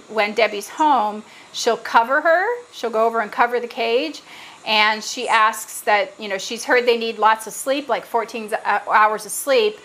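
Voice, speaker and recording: Woman, middle-aged, animal trainer; earnest Q&A explainer on a video call, voice a touch high. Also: fairly bright tone, poor audio. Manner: earnest, patient, example-driven.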